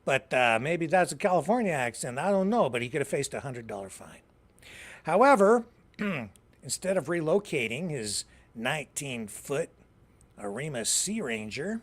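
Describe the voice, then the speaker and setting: A man's voice: fairly high pitch, expressive, normal speed. A Canadian man with a Canadian English accent hosting a live news show, rambling through casual commentary and often laughing at his own jokes.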